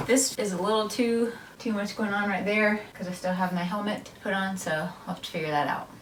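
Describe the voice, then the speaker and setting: A woman's voice: medium pitch, fairly even intonation, brisk, slight background noise. Chatty self-mocking woman vlogging crafts. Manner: chatty, rambling, self-mocking with little laughs. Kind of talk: casual DIY craft vlog.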